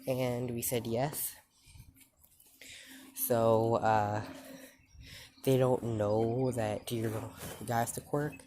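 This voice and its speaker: A man's voice: mid-range voice, little pitch movement, extremely slow, long pauses, warm tone, slight background noise. A man telling an improvised fan-fiction story, rambling with many fillers and self-corrections.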